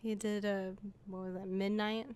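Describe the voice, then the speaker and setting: A woman's voice: mid-range voice, level tone, moderate pace, darkish tone, slight background noise. A woman co-hosting a casual film commentary, giggling often and reminiscing about the shoot. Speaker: co-host of a director's commentary.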